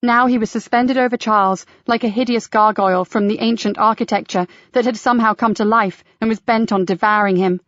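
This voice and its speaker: A woman narrating a mystery audiobook in a measured, even storytelling manner. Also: on the high side, no room sound, highs cut off.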